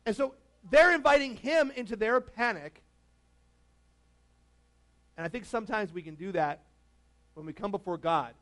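A man's voice: sits high, normal speed, pauses often, a bit bright. A man preaching a casual, conversational sermon, laughing often and asking the congregation questions. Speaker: pastor.

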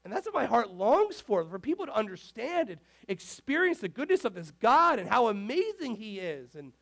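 A man preaching a casual, animated sermon, peppering his speech with "like". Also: very high-pitched, moderate pace. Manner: animated, filler-heavy with frequent "like"; talks to the tech crew mid-sermon. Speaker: pastor.

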